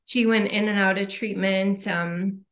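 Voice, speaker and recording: A woman's voice: mid-range voice, steady tone, a little slow, a bit bright. Chatty Minnesotan woman. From Minnesota, USA. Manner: chatty storytelling with many ums. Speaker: podcast guest. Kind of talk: casual interview chat.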